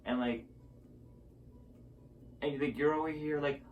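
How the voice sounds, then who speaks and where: A young man rambles through a personal story straight to camera, leaning on fillers and acting out each exchange. His voice sits at an ordinary middle pitch. He is caught from a distance, with a faint hiss of background noise. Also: fairly even intonation, normal speed, long pauses. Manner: rambling, filler-heavy, acts out both sides of the conversation. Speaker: vlogger. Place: home.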